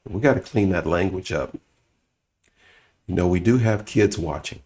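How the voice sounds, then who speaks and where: A man giving sarcastic, scolding reaction commentary with a gravelly voice. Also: sits low, normal speed, darkish tone.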